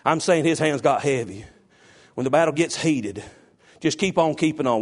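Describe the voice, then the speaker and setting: A middle-aged man preaching a sermon, calling on his congregation by name and rising to loud exhortation. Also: fairly high pitch, lively intonation, normal speed. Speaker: pastor.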